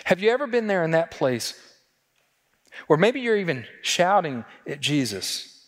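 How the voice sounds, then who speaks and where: A man's voice: fairly high pitch, big pitch swings, unhurried, long reverb tail. A man preaching a sermon as a pastor, talking conversationally and asking the congregation rhetorical questions.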